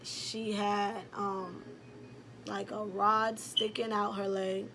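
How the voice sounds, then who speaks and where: A young woman from Brooklyn, a YouTuber, tells a personal story candidly and rambles, leaning heavily on "like" and "um". Her medium-pitched voice is level and slow, over a noisy background.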